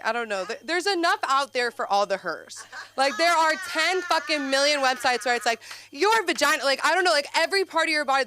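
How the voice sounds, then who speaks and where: Bright rambling young woman doing stand-up. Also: mid-range voice, smooth. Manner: rambling, scattered, full of likes, swings into loud shrieks. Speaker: stand-up comedian. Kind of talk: open-mic stand-up set. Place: comedy club stage.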